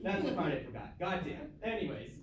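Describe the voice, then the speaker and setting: A man's voice: high-pitched, sing-song, a little fast, a crowd in the background. A young man performing a casual, self-deprecating stand-up comedy set in a comedy club, laughing at his own jokes. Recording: echoey room heard from far off.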